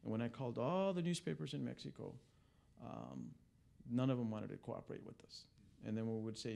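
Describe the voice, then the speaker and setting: A man's voice: mid-range voice, brisk, vocal fry, warm tone. A man who is an immigration attorney, briefing reporters in a conversational storytelling way, full of fillers and restarts. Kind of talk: press briefing talk. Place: press club briefing room.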